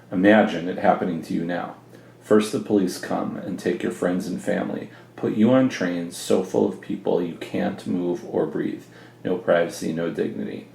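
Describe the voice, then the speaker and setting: A man reading a calm, cruel older male villain's speech in his own plain voice, with no put-on accent. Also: sits low, creaky, echoey room, low-quality recording.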